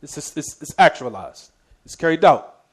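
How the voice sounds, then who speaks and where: An Islamic teacher with a slightly high, very animated voice gives a religious lesson. He quizzes his class with "what?" prompts, repeats the key points, and reads Arabic quotations quickly.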